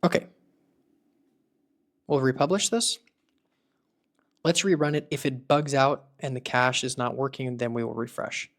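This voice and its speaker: A man's voice: medium pitch, steady tone, unhurried, pauses often, a bit bright. Man thinking aloud during a tech tutorial. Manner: thinking aloud while debugging, upbeat. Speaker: tech video creator building voice agents. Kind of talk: casual screen-recorded tutorial.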